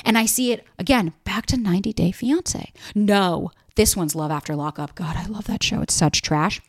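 A young woman talks straight into the mic on her own podcast. She is blunt and lively, swears often and leans into her points. Her voice sits in a middle pitch, recorded close and dry. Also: moderate pace, dry recording. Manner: blunt and animated, swears freely, mimics people in quotes. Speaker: podcast host. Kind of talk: casual solo podcast advice.

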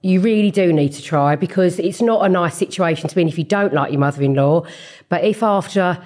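A woman's voice: on the low side, fairly quick, a little mellow. A woman in her fifties from Wales, a mother and guest on a chat podcast who gives bawdy, motherly advice and giggles easily. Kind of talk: casual chat, giving advice.

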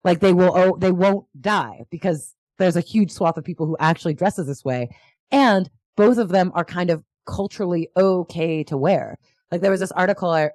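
A woman chatting casually as a podcast guest, animated and full of fillers. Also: fairly low pitch, no echo. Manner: animated, lots of "like" fillers, bursts of excitement. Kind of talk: casual chat.

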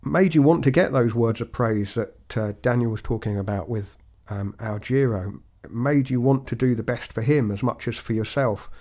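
A man co-hosting a podcast, talking in a measured, reflective way with frequent restarts. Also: medium pitch, dark tone. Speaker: podcast co-host.

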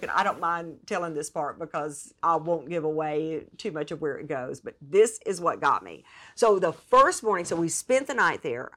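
A woman guest telling a personal story in an animated, expressive way. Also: low-pitched. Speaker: podcast guest. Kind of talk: storytelling in conversation.

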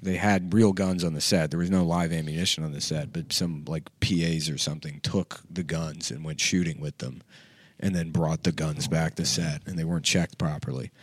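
A man hosting a casual podcast chat, joking around and slipping into quick impressions. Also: extremely low pitch, steady tone, breathy edge, dry recording. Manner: jokey, breaks into quick impressions. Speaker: podcast host.

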